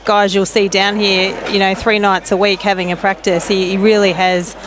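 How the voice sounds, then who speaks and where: Relaxed woman, guest commentator. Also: medium pitch, moderate pace, background noise. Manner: relaxed and friendly, laughs easily. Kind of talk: casual commentary chat. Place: outdoors at a bowls club green.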